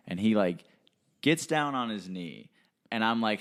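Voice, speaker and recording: A young man hosting a podcast, telling a story in casual chat and acting out the people he quotes. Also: normal speed. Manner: animated storyteller who acts out quotes in a higher voice. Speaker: podcast host.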